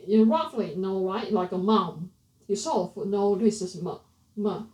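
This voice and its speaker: A woman teaching pronunciation, repeating words slowly and correcting herself as she goes, in a casual lesson. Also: medium pitch, a little mellow. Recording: roomy, slightly distant mic.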